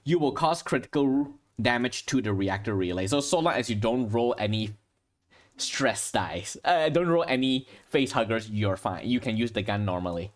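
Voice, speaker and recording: At normal speed and with a medium pitch, a man acts as game master for a tabletop sci-fi horror game. His steady delivery covers narration and rules explanations, with many mid-phrase restarts.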